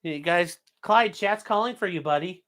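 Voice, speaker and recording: With a high, fairly bright voice at normal speed, a man curses bluntly while delivering casual live-stream legal commentary and reading the chat aloud. At times he stops to coax his dogs in sing-song fashion; the sound is dry and studio quality.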